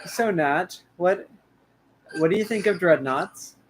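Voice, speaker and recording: A man's voice: sits high, takes it slowly, a little hiss or hum, low-quality recording. A man hosting a casual chat, bantering and teasing his friend. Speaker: channel host.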